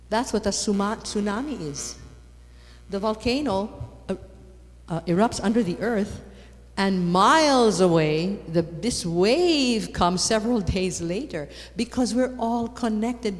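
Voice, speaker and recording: A woman giving a lively conference talk on faith, repeating words for emphasis and rising to loud exclamations. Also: medium pitch. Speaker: conference speaker. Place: large conference hall. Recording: long hall reverb.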